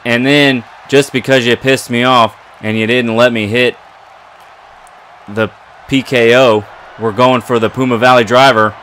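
A man commentating his own wrestling video game play, excitable and trash-talking his opponent. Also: medium pitch, unhurried, a little hiss or hum. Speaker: gaming commentator.

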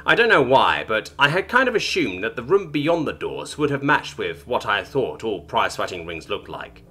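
A man narrating a sci-fi story from a script, with a lively, varied delivery and light character voices. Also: mid-range voice.

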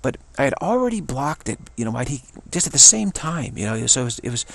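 A man's voice: medium pitch, sing-song, fast, vocal fry. A man giving a solo spoken commentary, rambling earnestly and often repeating and restarting his phrases. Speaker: channel host.

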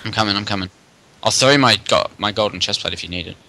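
Young male gamer, excitable commentary, very bright tone, lowish pitch. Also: fast, gravelly, low-quality recording. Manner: excitable, laughs and chants in bursts. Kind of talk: casual gaming commentary.

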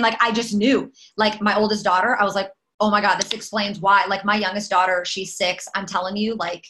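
Bright, animated woman in a casual talk. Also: mid-range voice, poor audio. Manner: animated, emphatic, chatty with many fillers. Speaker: network marketing leader.

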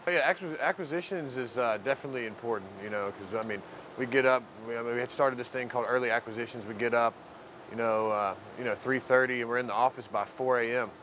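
With a little hiss or hum in the recording, a mainland man who lives at and volunteers for the program speaks fast in a mid-range, somewhat bright voice. It's casual interview talk about his work there, loose and rambling, full of "you know."

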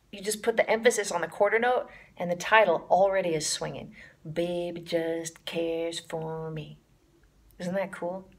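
Enthusiastic woman teaching jazz piano. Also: lowish voice. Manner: enthusiastic, demonstrates by counting and scatting rhythms. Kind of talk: casual music lesson. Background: piano playing.

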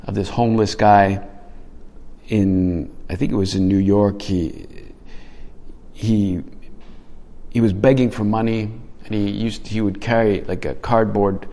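A lowish-pitched male priest speaks in an unhurried, reflective way, as if thinking aloud with his listeners. He often circles back and restarts a phrase. His voice trails off into a long reverberant tail. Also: warm tone. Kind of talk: homily.

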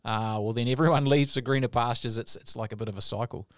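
A man's voice: mid-range voice, quick pace, dry recording, clean studio sound. A middle-aged man hosting a business podcast, talking energetically and acting out quoted voices. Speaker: podcast host. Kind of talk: casual podcast chat.

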